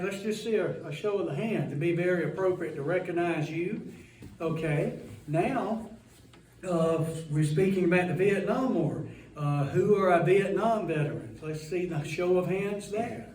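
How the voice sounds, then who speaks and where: A man's voice: high voice, darkish tone, a little hiss or hum. Folksy man hosting in a roomy hall. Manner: joking, rambling, chatty. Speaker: host introducing a guest speaker. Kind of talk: folksy event introduction. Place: hall with a live audience. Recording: roomy hall, mic some distance away.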